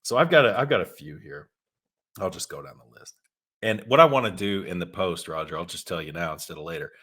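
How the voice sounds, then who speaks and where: A man with a very deep voice holds forth on a casual podcast. He talks bluntly and rambles, restarting sentences and laughing as he goes. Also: animated, fairly quick, a bit bright, slightly rough. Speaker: podcast co-host.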